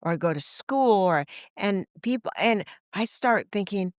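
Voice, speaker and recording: Here a sixties-aged woman on a podcast as a guest spins casual stories, performing the characters' lines in different voices and using "like" frequently. Her mid-range voice keeps a measured pace with few pauses. There's no room sound, just a clean studio recording.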